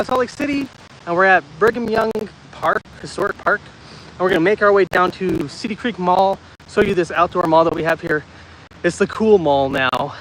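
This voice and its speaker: A man's voice: sits high, a bit bright, slight background noise, rough recording. A man in his thirties hosting a casual walking livestream in a city park, chatting with viewers and reading their comments aloud from a handheld phone. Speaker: livestream host. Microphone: phone held while walking.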